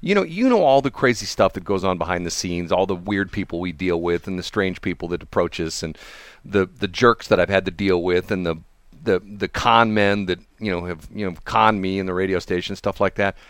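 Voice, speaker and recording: A man's voice: sits low, fairly quick, clean tone, no room sound. A man hosting a radio show, chatting casually in a studio, rambling with many restarts and asides. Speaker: radio host. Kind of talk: casual on-air banter.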